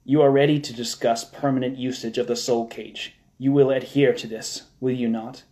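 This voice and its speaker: A man reading aloud as a cold, unseen interrogator who speaks in a flat, clinical and insistent way. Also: medium pitch, moderate pace, natural voice. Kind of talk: live audiobook reading.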